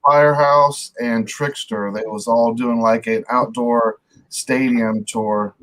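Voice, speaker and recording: A man's voice: medium pitch, fairly even intonation, takes it slowly, a bit bright. A middle-aged man hosting a casual rock podcast, talking loosely and swearing now and then. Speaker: podcast host. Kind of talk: casual chat.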